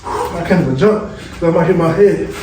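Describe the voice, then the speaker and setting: A man's voice: fairly high pitch, a little fast. A middle-aged father casually vlogging to camera in a small home basement, rambling and talking straight to his viewers, filmed on a phone. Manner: loose, rambling, chatty, addresses viewers directly. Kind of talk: casual vlog chat to camera. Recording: echoey basement with loud background noise.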